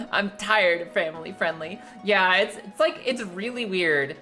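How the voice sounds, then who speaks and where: A young woman streaming from her living room, chatting casually and animatedly, often laughing and jumping into high excited squeals, her voice slightly echoey. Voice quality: a little echoey today. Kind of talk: casual chat. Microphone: streaming setup.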